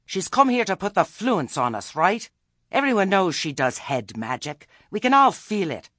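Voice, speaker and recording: A man's voice: high-pitched, big pitch swings, normal speed, bright, forceful tone, no room sound, clean studio sound, pitched above the performer's own voice, heavily acted. A man voicing a prim, bossy woman on a village committee, accusing and officious. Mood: stern, accusing.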